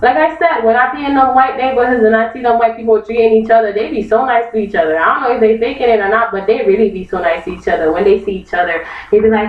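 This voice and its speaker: A woman's voice: a little high, fairly even intonation, quick pace. Young woman vlogger in a fired-up rant, recorded from a distance with a muffled lo-fi sound. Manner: angry, emphatic, repeats herself, acts out others in mocking voices. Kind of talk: heated opinion rant. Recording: echoey, distant, dull lo-fi webcam recording.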